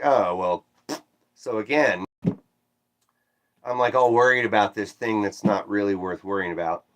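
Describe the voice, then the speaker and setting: A man livestreaming, casually recounting a strange dream and reading chat, with animated swoops up when quoting himself and self-deprecating asides. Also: on the low side. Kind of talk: casual rambling storytelling, reading chat aloud.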